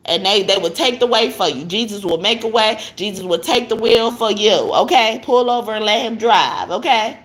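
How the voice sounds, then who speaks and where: A young adult woman giving a casual tarot reading, talking quickly, laughing often and checking in with "okay?". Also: mid-range voice, fairly bright tone. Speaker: tarot reader.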